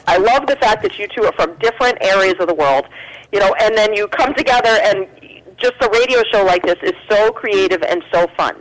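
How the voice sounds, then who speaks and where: A woman's voice: fairly high pitch, poor audio. An American woman talking as a guest musician in a casual chat, earnest and full of fillers and restarts. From United States.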